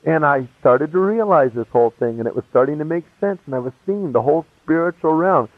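A man's voice: on the high side, fairly quick, no room sound. Man telling a story on a tinny line. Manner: casual, animated, acts out every voice. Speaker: speaker giving a testimony. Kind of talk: storytelling testimony. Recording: tinny, phone-like, dry.

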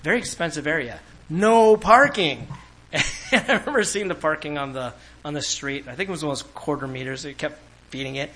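A man from California, a pastor, preaching a sermon and telling personal stories in an animated way, often laughing. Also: a little high, a little fast, a little hiss or hum, rough recording. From Orange County, California.

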